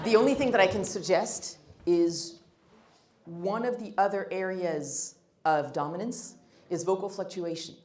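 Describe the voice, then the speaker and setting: A woman's voice: fairly low pitch, a little mellow. A woman giving a blunt, emphatic workshop talk on first impressions, with joking asides to the audience. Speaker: guest speaker on first impressions. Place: meeting room. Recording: roomy room echo.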